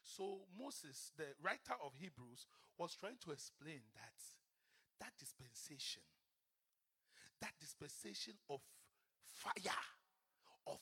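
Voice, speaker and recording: A man preaching a sermon, repeating phrases and swinging between loud fervent proclamation and hushed, lowered passages. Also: sing-song, takes it slowly, long pauses, slightly rough.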